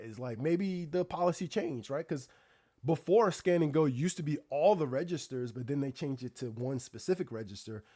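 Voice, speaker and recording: A man hosting a live stream, telling a story in casual chat with animated, exasperated rhetorical asides to his viewers. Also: on the high side. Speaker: livestream host.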